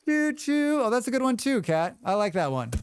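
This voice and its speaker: A man's voice: sits high, sing-song, fast, clean tone, no echo, clean studio sound. A man livestreaming a game, chatting casually with viewers, humming and thanking them as he plays. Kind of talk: casual livestream chat while gaming.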